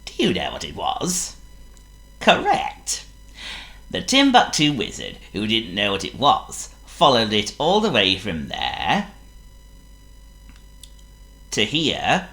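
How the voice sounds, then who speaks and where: A woman reading a children's storybook aloud in a playful, expressive way. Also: rumbling low, takes it slowly, long pauses.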